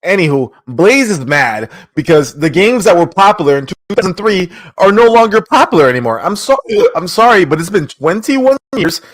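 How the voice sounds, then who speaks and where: A man on a casual gaming podcast who sounds keyed up and rambles on, swearing freely. His voice sits a little higher than most men's, and he keeps talking through a bout of hiccups. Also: brisk, hardly any pauses. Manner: excitable, rambling, swears often. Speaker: podcast co-host.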